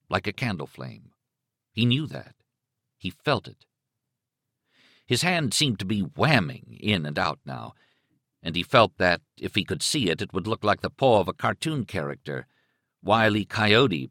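A man narrating an audiobook in a measured, suspenseful storytelling manner on a close studio mic. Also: fairly low pitch, fairly bright tone, no echo. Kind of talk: scripted narration.

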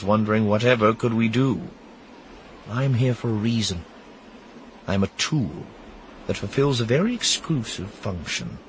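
A man's voice: lowish voice, slight background noise, pitched above the performer's own voice, low-quality recording. A man voicing a weary, cynical ex-Imperial man who talks in a dry, sarcastic and theatrical way.

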